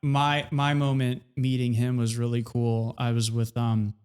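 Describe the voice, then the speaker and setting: A man hosting a podcast talks in a loose, rambling way and fills his sentences with "like." When he tells a story and quotes someone, his voice jumps up high. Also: monotone, unhurried, darkish tone, smooth. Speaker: podcast host. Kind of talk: casual conversation.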